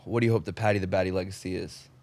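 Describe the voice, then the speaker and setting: A man's voice: low voice, steady tone, very fast, a little mellow. A man hosting an interview, friendly and upbeat, with some hesitant fillers. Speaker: interview host. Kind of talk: casual interview.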